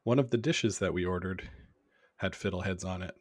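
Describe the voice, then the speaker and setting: A man co-hosting a podcast in casual chat, stuffed up with a cold and speaking in a relaxed, hesitant way. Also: deep voice, moderate pace, dry recording, studio quality. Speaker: podcast co-host.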